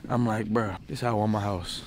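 A man's voice: fairly low pitch, steady tone, fast. A young man under the weather and short on sleep, chatting casually with friends for his vlog while out shopping. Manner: loose slangy banter with friends. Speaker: vlogger. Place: out and about, in a store.

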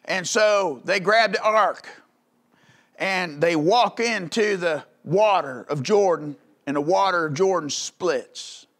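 A man preaching a sermon in a church, with folksy, conversational delivery full of rhetorical questions, building to loud calls. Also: high voice, slow pace. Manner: rises to loud calls in the climaxes. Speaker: pastor.

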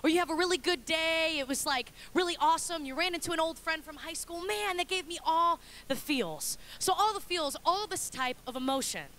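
A young adult woman pastor preaching a sermon with animated, humorous storytelling. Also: very high voice, a little fast, hardly any pauses, slight background noise.

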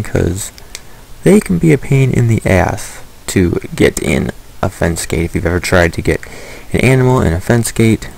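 A man's voice: sits low, gravelly, darkish tone, rough recording. A man giving casual let's-play commentary, playfully talking to the animals in the game. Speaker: gaming commentator.

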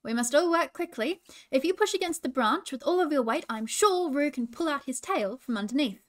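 A woman voicing a capable female kangaroo who gives clear directions. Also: sits high, lively intonation, fairly quick. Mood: urgent. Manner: firm, directing.

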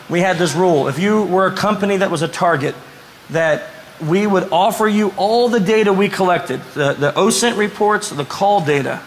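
Guy giving a conference talk, bit high voice, animated storyteller, faint room hum. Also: low-quality recording. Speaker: conference speaker. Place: conference room before an audience.

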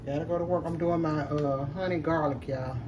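This cooking vlogger talks straight to "y'all" in a chatty, casual way while preparing food at home. She has a deep, steady voice and speaks fairly quickly. Recorded from a distance, the audio is echoey with kitchen noise behind her.

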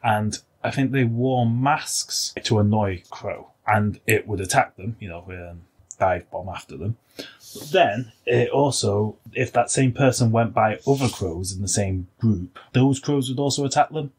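A man with a husky, slightly low voice co-hosts a comedy podcast. He talks in a relaxed, rambling way, laughing often and filling gaps with ums and likes. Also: unhurried. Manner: laughs often, trails off with fillers. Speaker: podcast co-host. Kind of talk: casual comedic chat.

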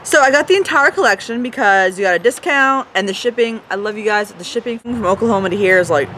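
A woman's voice: medium pitch, expressive, quick pace, a bit bright, slight background noise. A woman giving a goofy, bubbly product review and swearing casually. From Canada. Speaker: beauty vlogger.

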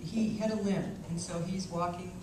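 A woman's voice: lowish voice, fairly even intonation, moderate pace, background noise. A woman giving a keynote speech at a conference, telling a wry, self-mocking story. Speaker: keynote speaker. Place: large hall, conference. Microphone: small camcorder far off. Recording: echoey hall, far from camcorder.

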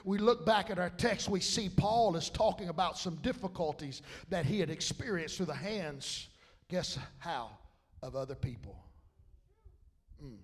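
High-voiced preaching pastor, loud rises. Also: male voice, normal speed, slightly rough. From South Louisiana. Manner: preaching with loud rises and fillers like amen and hallelujah. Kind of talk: sermon.

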